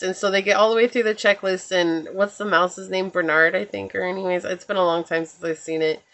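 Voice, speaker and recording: A woman's voice: mid-range voice, fairly even intonation, normal speed, fairly bright tone. A woman giving a casual spiritual tarot reading, chatty and meandering, reassuring her listeners and often checking in with "right?". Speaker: tarot reader.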